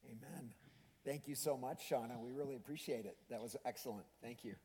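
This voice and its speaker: A man's voice: mid-range voice, brisk, mellow, in a large hall, slight background noise. A man preaching a sermon in a conversational way, with frequent ums and restarts. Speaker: pastor.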